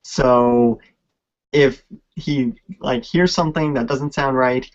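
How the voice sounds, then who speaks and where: Man, podcast co-host, casual story, halting, fillers, lo-fi recording. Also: mid-range voice. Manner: slow and halting, many fillers. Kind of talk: casual chat, telling a game story.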